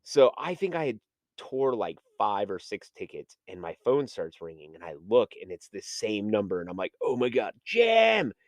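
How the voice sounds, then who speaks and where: A man's voice: on the low side, lively intonation, normal speed, darkish tone, no room sound. A man who is a podcast guest, telling a casual, rambling story full of "like" and "um" and acting out his own past conversations.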